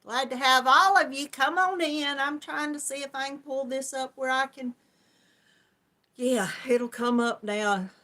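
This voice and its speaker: A middle-aged woman with a warm Southern drawl chats casually on a live stream and welcomes viewers by name. Her voice sits high and bright. She talks at an easy, unhurried pace, with affectionate words like hon and sweetheart. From Georgia, US. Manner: chatty, affectionate, calls viewers hon and darling. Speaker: host greeting live chat viewers.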